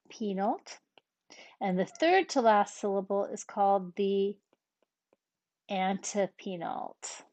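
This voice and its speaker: A woman's voice: medium pitch, darkish tone, no room sound. Patient woman teaching a language lesson, dry sound. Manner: patient, explains step by step with frequent ums. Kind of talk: relaxed classroom explanation.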